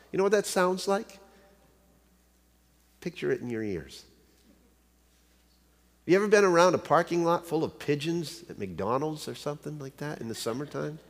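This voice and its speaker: A man, a pastor, preaching a sermon. He keeps asking the listeners rhetorical questions and tells a joke story to make his point. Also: on the high side. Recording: long hall reverb.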